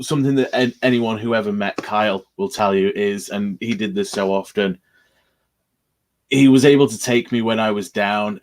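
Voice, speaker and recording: Low-voiced male co-host, halting and hesitant, casual podcast talk. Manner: halting, with many fillers.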